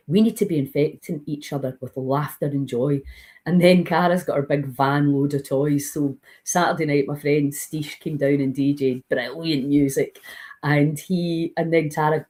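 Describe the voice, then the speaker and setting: An older woman talks straight to her audience in a casual vlog. Her voice sits low and mellow, and she speaks bluntly. She gets animated and climbs high in pitch when she gets excited. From Scotland. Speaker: breathwork retreat leader. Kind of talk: casual direct-to-camera vlog.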